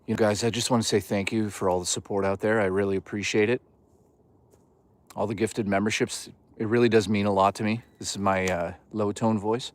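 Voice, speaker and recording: A man putting on a mock deep, masculine voice to thank viewers with a smug, seductive rumble. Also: steady tone, lightly acted. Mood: mock suave. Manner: low, slow, put-on seductive rumble.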